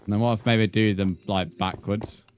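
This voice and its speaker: This is casual livestream chatter from a young man playing a building game, who swears a lot and calls his viewers mate. He speaks at a normal speed in a lowish, steady voice, with a little hiss or hum and faint background music on the recording.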